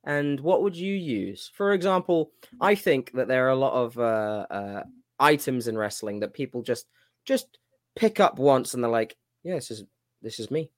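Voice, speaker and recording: A man's voice: medium pitch, normal speed, no room sound. Man chatting casually, dry sound. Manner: rambling, restarts, animated impressions. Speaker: podcast co-host. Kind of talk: casual wrestling chat.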